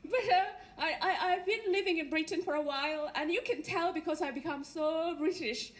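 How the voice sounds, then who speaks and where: A woman's voice: very high voice, normal speed. A woman with a Kenyan accent performing a wry stand-up comedy set on a theatre stage. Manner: wry, punchline-driven delivery. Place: theatre stage before a laughing audience. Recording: live theatre recording with faint noise.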